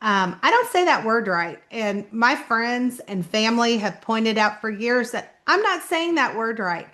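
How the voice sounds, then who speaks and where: A woman's voice: on the high side, very animated, a little slow, a bit bright. A middle-aged woman with a slight Southern Indiana twang, chatting casually to camera as an author introducing her channel. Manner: chatty, self-conscious, laughs often. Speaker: author vlogger.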